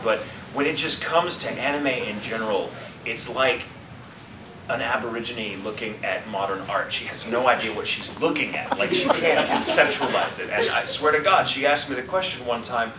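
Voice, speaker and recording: A man in his thirties, a voice actor answering fan questions at a convention panel, talking in an animated, joking way and wandering off into tangents. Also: medium pitch, normal speed. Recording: roomy, distant, noisy audience recording.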